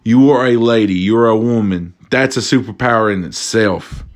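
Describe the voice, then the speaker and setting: A man hosting a casual, comedic talk, reading out viewer submissions and reacting with loud, profane amusement. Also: lowish voice, moderate pace. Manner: animated, laughing, profane, cracks up. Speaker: host.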